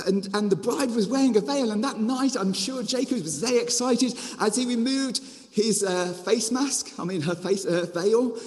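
A man from Birmingham with a Birmingham accent, preaching a storytelling sermon as a children's ministry author, with a lively manner full of restarts and asides. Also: extremely high pitch, in a large hall. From Birmingham, England.

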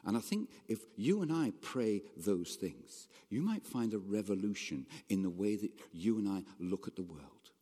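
Brief: male preacher in a church, lively rising and falling delivery, long hall reverb. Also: lowish voice, normal speed, hardly any pauses. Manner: conversational, animated preaching with rhetorical questions. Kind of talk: sermon.

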